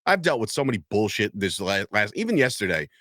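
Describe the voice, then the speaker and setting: Animated man co-hosting a wrestling podcast. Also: fairly low pitch, fast, no echo, clean studio sound. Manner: animated, swears freely, acts out quotes. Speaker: podcast co-host. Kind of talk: casual wrestling chat. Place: podcast studio.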